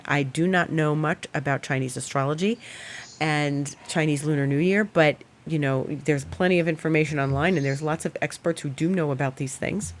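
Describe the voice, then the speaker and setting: A middle-aged woman astrologer hosting her show, telling an animated, chatty story and laughing often before giving her forecast. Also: low-pitched. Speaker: astrologer host.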